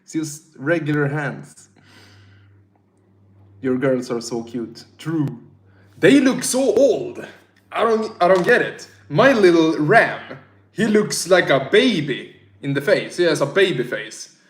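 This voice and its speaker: A man's voice: a little high, sing-song, unhurried, reverberant. A tipsy man from Sweden with a Swedish accent, chatting casually on a livestream and reading out chat in a rambling, slangy, self-mocking way.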